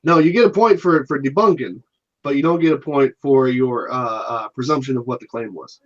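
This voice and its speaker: A man's voice: medium pitch, a little fast, lo-fi sound. A man hosting a casual online debunking game, teasing and refereeing his friends. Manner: teasing, laughing, bossy referee. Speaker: host running a debunking game. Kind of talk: casual profane group chat.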